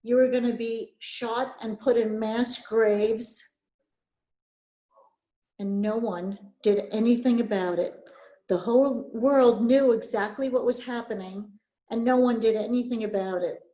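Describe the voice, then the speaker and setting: A woman's voice: a little high, fairly even intonation, a little slow, warm tone. An older woman from Poland giving a personal testimony talk, earnest and emphatic, repeating key phrases. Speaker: Holocaust survivor speaker. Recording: echoey room.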